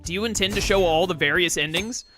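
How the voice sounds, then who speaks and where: A man's voice: high-pitched, fast, a bit bright, faint music behind. A man giving rambling, casual commentary while playing a game, filling his talk with "like.". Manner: rambling, heavy use of "like" fillers. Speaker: gameplay commentator. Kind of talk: casual let's-play commentary.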